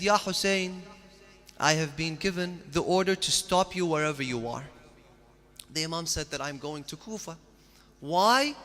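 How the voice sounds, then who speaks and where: A man's voice: a little high, bright, forceful tone. Man preaching a sermon in a reverberant hall. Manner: earnest, rising emphatic storytelling.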